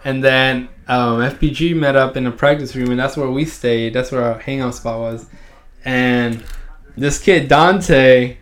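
A young man co-hosting a podcast, telling a high school story in a loose, profane way and laughing often. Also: a little slow. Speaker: podcast co-host. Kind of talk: casual storytelling chat.

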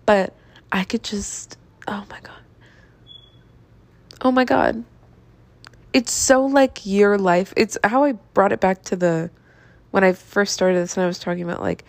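Gravelly young woman ranting. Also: on the low side. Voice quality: swearing, chatty, with laughs and sighs. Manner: animated, exasperated, drops to mutters. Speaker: podcast host. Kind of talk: casual storytelling monologue.

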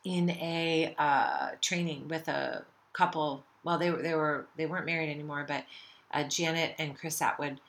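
A woman's voice: deep voice, steady tone, normal speed, fairly bright tone. A middle-aged woman hosting a spiritual self-help podcast, rambling casually, swearing now and then and acting out the voices in her head. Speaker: podcast host.

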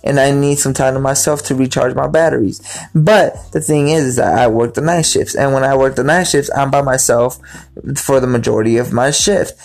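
A man speaks fairly quickly with vocal fry and a darkish, medium-pitched voice, chatting casually about his life. He rambles, repeats words, and acts out greetings he quotes, while faint music plays behind him.

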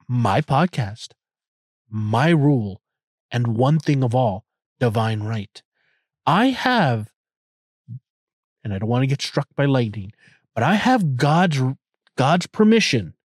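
A young man hosts a casual solo podcast from his car, his mid-range voice captured clean with studio clarity and no room sound. He rambles irreverently, cracking jokes and often restarting his sentences.

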